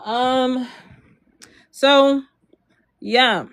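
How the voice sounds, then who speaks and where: A woman's voice: high voice, very slow, clean tone, no echo. A young woman from Maryland telling a personal story in a storytime vlog, rambling with lots of fillers and frequent laughs.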